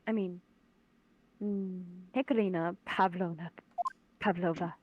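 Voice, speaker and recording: A woman's voice: fairly low pitch, steady tone, measured pace, lo-fi sound, noisy background, close to an everyday voice. A woman voicing a young ballerina in hiding, in an improvised British accent, as a fan dub of a game. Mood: pleading. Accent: put-on British. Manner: hesitant, improvised.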